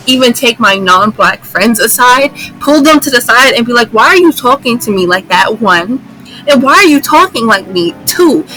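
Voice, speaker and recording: A woman's voice: fairly high pitch, sharp tone, low-quality recording. A young woman vlogger ranting in exasperation, repeating her lines for emphasis. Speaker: YouTuber. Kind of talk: vlog commentary rant.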